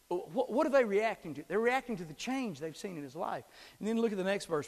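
A man preaching a sermon, swinging from shouting to hushed tones. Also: high voice, animated, a little fast, big-room sound. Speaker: pastor. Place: church sanctuary.

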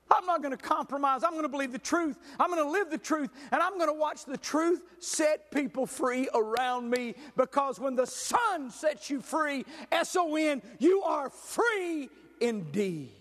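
High-voiced fervent preacher. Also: male voice, lively intonation, normal speed. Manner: fervent preaching, swings from shouting to near-whispers. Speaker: pastor. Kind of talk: sermon. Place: church sanctuary. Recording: long hall reverb.

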